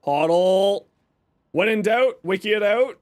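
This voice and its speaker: A young man with a high-sitting, sing-song voice talks a little slowly as he streams a game. In relaxed chat with viewers, he jokes, reads their messages aloud, and explains his build.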